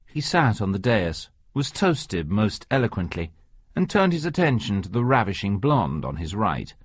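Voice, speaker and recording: A man narrating an audiobook in expressive scripted storytelling. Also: on the low side, normal speed, husky, no echo. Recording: dry, slightly dull audio.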